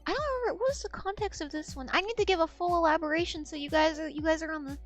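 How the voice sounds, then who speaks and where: A woman's voice: extremely high pitch, racing, faint music behind. A young adult woman streamer telling a story in a casual, rambling way, giggling often and restarting her sentences.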